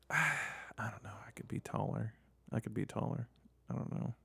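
Deep-voiced hesitant young man. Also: unhurried, creaky, sharp tone, breathy edge. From Southern United States. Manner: hesitant, self-deprecating, trails off a lot. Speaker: podcast co-host. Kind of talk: casual chat.

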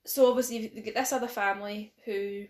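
A woman's voice: medium pitch, steady tone, a little fast, darkish tone. A Scottish woman chatting casually on a podcast, retelling a film plot with lots of fillers and hedges. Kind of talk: casual chat. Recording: echoey room.

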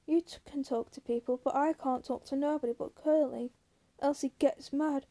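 Woman reading as lonely young ranch wife, coaxing and bitter, high soft voice. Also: fairly even intonation, moderate pace.

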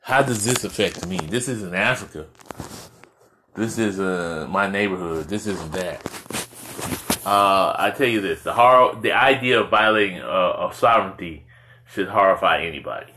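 A man's voice: low voice, expressive, normal speed, bright, forceful tone, a little hiss or hum, low-quality recording. A man from the United States giving an impassioned opinion monologue, full of rhetorical questions and repeated words for stress.

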